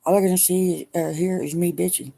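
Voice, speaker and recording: A middle-aged woman speaking haltingly and wearily in a personal video diary, emotional as she talks. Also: fairly low pitch, steady tone, gravelly, dark tone, breathy edge. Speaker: vlogger.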